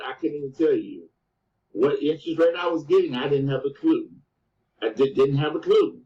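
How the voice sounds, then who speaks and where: A man giving a motivational sales presentation, telling his story in an animated way and often calling the listeners "guys" and "man". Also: a little high. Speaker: business presenter. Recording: distant, dull lo-fi sound.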